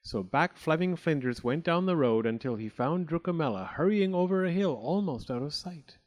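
A man narrating a storybook aloud in an expressive way, slipping into character voices. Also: fairly high pitch, moderate pace.

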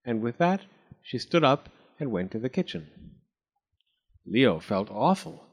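A man reads a children's story aloud, his pitch rising and falling in a lively, animated way. His voice sits at a medium pitch for a man. His delivery is expressive and sounds read from a book. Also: unhurried, breathy edge. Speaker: narrator. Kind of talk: storybook reading.

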